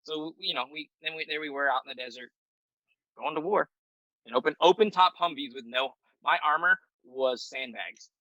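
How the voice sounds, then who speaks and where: A middle-aged Marine veteran telling a story as a podcast guest in a loose, profane, rambling way with many fillers. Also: male voice, fairly high pitch, normal speed, bright, forceful tone, dry recording, low-quality recording. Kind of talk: casual storytelling.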